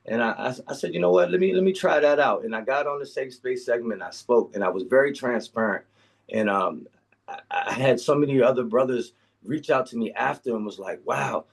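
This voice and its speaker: Man, minister, talk show co-host, earnest, halting, searching for words, middle pitch. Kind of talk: earnest personal testimony.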